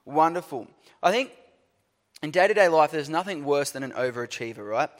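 A man's voice: on the high side, animated, a little fast. A man preaching a casual, joking sermon to a church congregation. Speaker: pastor. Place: church hall. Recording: church hall with long reverb.

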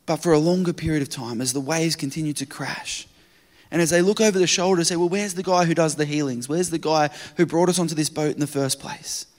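Man, preacher, sermon, high voice, dramatic loud-to-hushed swings, long hall reverb.

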